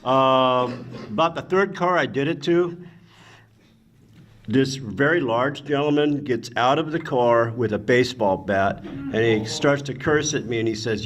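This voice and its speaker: An older man tells anecdotes to a panel audience in a mid-pitched voice. He is animated, jumps into the people he quotes, and swears offhandedly. His delivery is loose and conversational. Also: lo-fi sound. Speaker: actor guest on a convention panel. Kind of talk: anecdotal storytelling.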